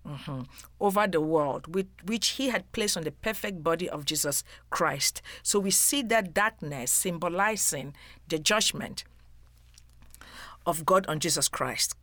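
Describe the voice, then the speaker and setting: A woman's voice: on the low side, fairly bright tone, no echo. A woman giving an earnest devotional Bible teaching, emphatic and speaking straight to the listener as a friend.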